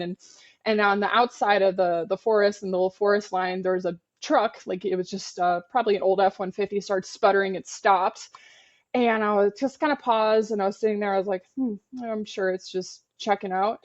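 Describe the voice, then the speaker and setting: A woman co-hosting a podcast, telling her fieldwork stories casually, animated and frank, with free swearing. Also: medium pitch, highs cut off. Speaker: podcast co-host, turtle biologist. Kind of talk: casual storytelling.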